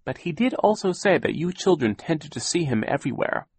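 A prim, fretful aunt who scolds children about manners, put on by a man reading aloud. Her voice sits raised and lively with a husky grain, close and dry. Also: fairly high pitch, brisk, dry recording, voice pushed up, heavily acted. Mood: fussy. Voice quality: prim, fussy. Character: fussy, prim, easily fooled middle-aged aunt.

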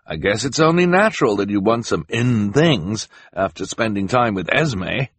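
A man voicing a mild, gentle, reluctant middle-aged gentleman who dislikes arguing. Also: fairly low pitch, very animated, normal speed, breathy edge, no echo, voice pushed up, exaggerated voice.

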